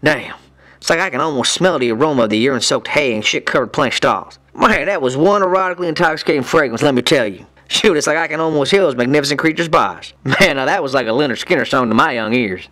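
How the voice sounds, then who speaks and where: In a cartoon comedy role, a man voices a crude, lecherous, rowdy villain with a Southern drawl, his natural voice medium-pitched, quick, pushed and bright. He spins folksy stories with exuberant gusto in a mood of leering reminiscence.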